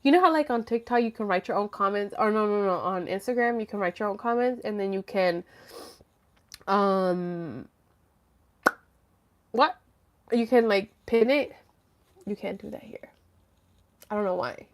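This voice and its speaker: A woman's voice: mid-range voice, normal speed, pauses often. A woman hosting a casual live stream from home, chatty and rambling, swearing freely. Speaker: livestream host. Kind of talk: casual livestream chat.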